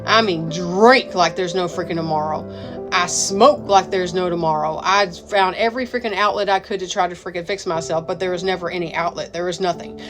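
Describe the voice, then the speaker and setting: A woman's voice: on the low side, fairly even intonation, fairly quick, few pauses. A woman giving a raw personal testimony, repeating herself and swearing freely as she talks. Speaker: mother and business owner telling her story. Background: music.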